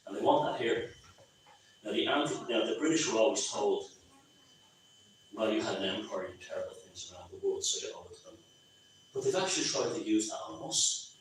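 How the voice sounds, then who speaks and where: A man's voice: lowish voice, slight background noise. An Irish man giving an informal, rambling talk at a book launch, full of asides and restarts. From Ireland. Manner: rambling, conversational, many restarts. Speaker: author speaking at his book launch. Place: pub function room. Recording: very echoey, distant, lo-fi room recording.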